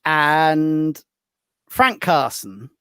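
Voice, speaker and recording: A man's voice: on the high side, very slow, clear, resonant tone, dry recording. Guy telling an old tv anecdote on a podcast, stop-start, lots of "I, I", very dry sound. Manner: lively storyteller with frequent restarts. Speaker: podcast guest, author. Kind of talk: casual chat, anecdote telling.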